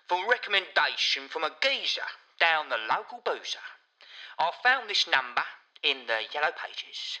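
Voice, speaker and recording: A man voicing a furious, menacing British caller who rants and shouts down the phone. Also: a little high, very animated, normal speed, rough recording. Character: furious threatening British bloke.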